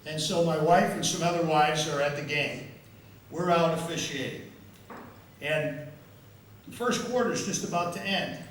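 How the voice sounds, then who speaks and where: A man's voice: a little high, normal speed, pauses often, fairly bright tone, a little hiss or hum. An older man giving an after-dinner speech as a football official, telling self-amused stories and often repeating words. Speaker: guest speaker and football official. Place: large members' dining room. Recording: echoey hall, voice from far off.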